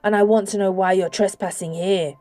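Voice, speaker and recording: A woman voicing a small, slimy male lake creature in an audiobook, with a deep, gravelly, slow and indifferent delivery. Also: fairly even intonation, warm tone, dry recording, close to an everyday voice. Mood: cold, dismissive. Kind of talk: audiobook character voice.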